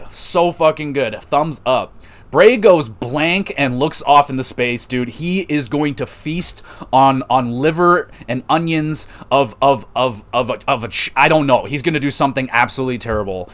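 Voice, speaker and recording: A man hosting a podcast, recapping wrestling matches in a loose, excitable way, swearing and laughing often. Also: mid-range voice. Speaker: podcast host reviewing wrestling. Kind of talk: casual recap.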